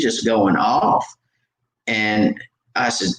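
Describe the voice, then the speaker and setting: Animated man telling a story, echoey. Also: on the low side, a little slow, pauses often. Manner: animated, self-mocking storyteller. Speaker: host. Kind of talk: casual storytelling.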